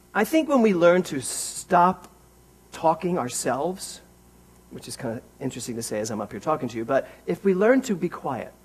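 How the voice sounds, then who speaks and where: A man giving a conversational sermon as a minister in a church, animated and wry, talking straight to his congregation. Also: medium pitch, slightly rough, rough recording.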